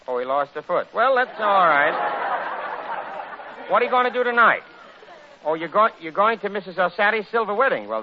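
A man on an old radio show, running through a chatty comic monologue. His voice leaps around in pitch as he rambles from gag to gag. The recording is dull and lo-fi, with a faint hiss underneath. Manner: rambling, jokey storyteller with a lively, animated delivery. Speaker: radio comedian. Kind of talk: comic monologue and one-sided phone sketch.

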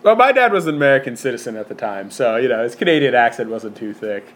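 A man's voice: mid-range voice, sing-song, fast, a bit bright. A young man co-hosting a podcast, joking and teasing his mother in casual chat on a porch. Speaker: podcast co-host. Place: screened-in porch.

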